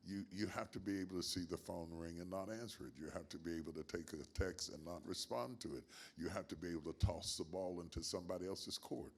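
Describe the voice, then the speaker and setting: Deep husky older preacher, measured cadence. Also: male voice. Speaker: guest pastor. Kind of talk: interview answers, preacherly.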